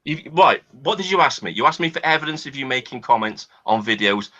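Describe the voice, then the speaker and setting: A man's voice: mid-range voice, animated, a little fast, sharp tone, muffled recording. A man angrily arguing on a video call, swearing and talking over the other person. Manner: angry, swearing, interrupting. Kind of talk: heated online argument.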